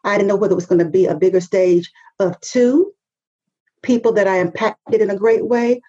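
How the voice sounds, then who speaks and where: A woman's voice: medium pitch, steady tone, normal speed, warm tone, dull audio. A woman, a guest on an interview show, speaking with fervent, emphatic conviction and repeating phrases for effect. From North Carolina, US. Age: 50s. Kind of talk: podcast interview.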